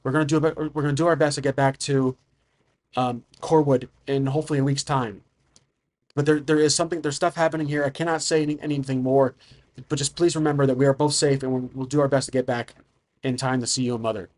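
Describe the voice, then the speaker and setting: A man's voice: medium pitch, fairly even intonation, fast, darkish tone, natural voice. A man voicing an earnest young son who reassures his father in a solo tabletop game. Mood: reassuring.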